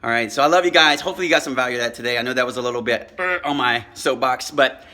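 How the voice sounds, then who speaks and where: Bright-voiced earnest man coaching on credit. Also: mid-range voice, racing. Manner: earnest, passionate, stumbles and repeats words. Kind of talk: motivational vlog talk.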